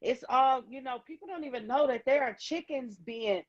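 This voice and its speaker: A woman hosting a casual talk show, telling stories in a lively, emphatic, joking way. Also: high-pitched, normal speed. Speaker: host. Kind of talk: casual chat. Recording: dull lo-fi sound.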